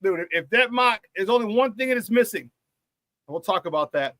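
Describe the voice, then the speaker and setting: A man hosting a live-streamed sports talk show, reading viewer chat in an excitable, hyped way, laughing often and using slang. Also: high-pitched, brisk, dry recording.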